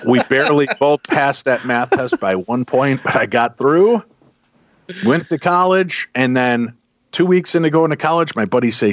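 A middle-aged man casually telling a long personal story, animated and acting out the people in it. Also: mid-range voice, normal speed, dry recording. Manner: animated anecdotal, voices quoted people. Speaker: podcast guest telling a story. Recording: dull, dry close sound.

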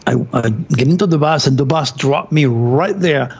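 Excitable middle-aged man. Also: a little high, moderate pace, slightly rough. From France. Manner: excitable, dramatic, slips in grammar. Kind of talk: animated personal storytelling. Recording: dull lo-fi recording.

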